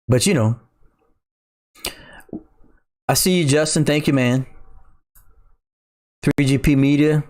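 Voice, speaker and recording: A middle-aged man from Louisiana with a Cajun accent, chatting casually on a crypto livestream, reading viewer comments in an excitable, slangy way. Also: fairly high pitch, slow, long pauses. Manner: excitable, laughing, slangy, says "bruh".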